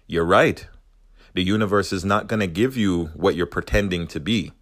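A man's voice: low-pitched, a bit bright, no room sound, clean studio sound. A man giving an earnest, reflective spiritual self-help talk, wandering a little and correcting himself as he goes. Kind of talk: motivational monologue.

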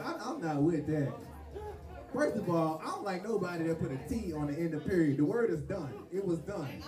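Man, stand-up host, a touch high, roomy hall with music behind, heard from a distance. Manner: loose, joking, quick bursts with laughs. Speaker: comedy show host. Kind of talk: stand-up comedy. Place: live venue stage.

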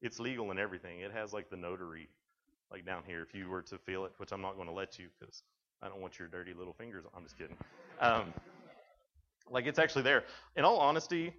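A man's voice: sits low, quick pace, fairly bright tone. A young man from Tennessee with a Southern accent, giving a humorous talk to students and acting out conversations as he tells stories. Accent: Tennessee Southern American. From Tennessee, USA. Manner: joking storyteller who acts out dialogue. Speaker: youth speaker. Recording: dull lo-fi recording.

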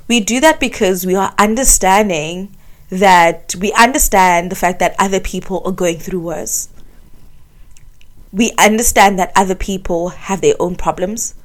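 A young woman from South Africa, hosting her own podcast from her bed in a candid, confessional chat. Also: medium pitch. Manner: candid and confessional, many fillers like um and like. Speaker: podcast host. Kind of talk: casual solo podcast chat. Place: her bedroom, recording from bed.

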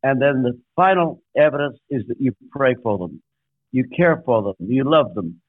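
An older man, a guest pastor, speaks in an animated mid-range voice at a moderate pace. He tells his story like a sermon, stressing numbered points and performing quotes, on a dry, tinny phone-like recording.

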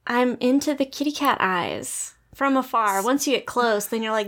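A woman's voice: fairly high pitch, moderate pace, fairly bright tone. A woman co-hosting and editing a podcast, chatting in a playful, self-mocking way. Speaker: podcast co-host and editor. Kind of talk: casual chat.

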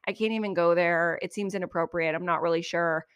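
Woman host, chatty and animated recap, dead-dry recording. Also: fairly low pitch, a little fast, clear, resonant tone, dry recording. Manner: chatty, animated, frequent asides and laughs. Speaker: podcast host. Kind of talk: casual reality TV recap.

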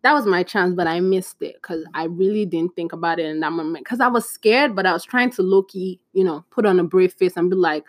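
A woman's voice: fairly low pitch, a little fast, no echo. Young podcast host from Nigeria, a woman, chatty storyteller who acts out voices, recorded dry and close. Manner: animated, acts out quoted voices. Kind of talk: casual storytelling.

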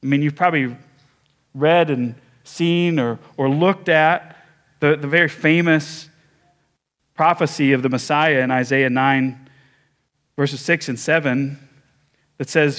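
A man pastor preaching a sermon, telling a story with measured pauses and small restarts. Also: a little high, fairly even intonation, a bit bright.

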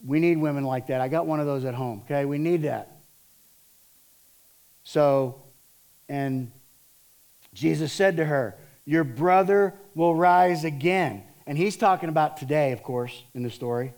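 Lively preaching pastor, a man. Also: medium pitch, moderate pace, long pauses, smooth. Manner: lively storytelling, acts out voices of disciples and Martha. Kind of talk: sermon.

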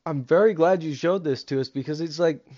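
A man's voice: on the high side, a little fast, a little mellow. Laid-back young man, slangy. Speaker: podcast co-host. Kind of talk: casual stoned chat. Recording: dull, lo-fi sound.

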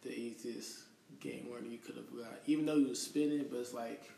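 A man's voice: medium pitch, steady tone, fairly quick, gravelly, dark tone. A laid-back man chatting about sports, calling people bro and man. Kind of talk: casual sports talk. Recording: distant mic in an echoey room with faint noise.

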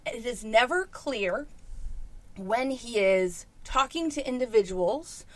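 A woman's voice: a little high, lively intonation, slow pace. Exasperated, profane woman telling a story. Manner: profane, exasperated, laughing as she tells it. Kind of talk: casual comedic storytelling.

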